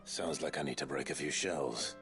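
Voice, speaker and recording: A very deep, terse swordsman. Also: normal speed. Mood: dry resolve. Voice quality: low, terse, muttering. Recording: game music behind.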